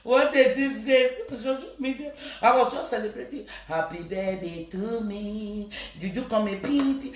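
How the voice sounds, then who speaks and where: A woman's voice: fairly high pitch, moderate pace, few pauses, roomy sound, noisy background. A woman with a Nigerian Pidgin accent, chatting comically on a live stream, teasing, chanting and laughing. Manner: teasing, sing-song, laughing. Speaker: social media host.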